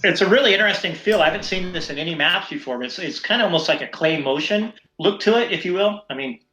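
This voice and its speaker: A man's voice: sits high, lively intonation, fast, bright, forceful tone, dull audio, slight background noise. A man playing a tabletop game, talking enthusiastically and laughing easily. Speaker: player. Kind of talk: casual tabletop game chat. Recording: roomy recording with music.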